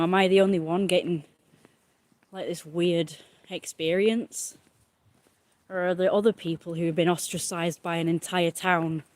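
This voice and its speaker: A woman on a casual livestream who baby-talks to a cat in a high coo, then rambles earnestly to her viewers. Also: a little mellow, a little hiss or hum.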